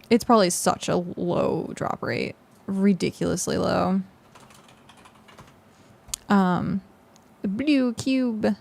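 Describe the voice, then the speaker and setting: A woman's voice: fairly high pitch, vocal fry, darkish tone. A woman game streamer chatting casually with her viewers, tired and congested, with lots of fillers. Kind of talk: casual live-stream chat.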